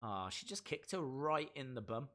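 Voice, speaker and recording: A man giving excitable live play-by-play reactions to a wrestling match, bursting into shouts at big moments. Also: mid-range voice, moderate pace. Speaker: wrestling stream host.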